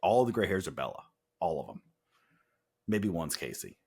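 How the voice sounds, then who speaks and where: Low-voiced dad host, animated. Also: male voice, moderate pace, creaky, husky. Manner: animated, self-deprecating storytelling. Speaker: podcast co-host. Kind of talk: casual chat.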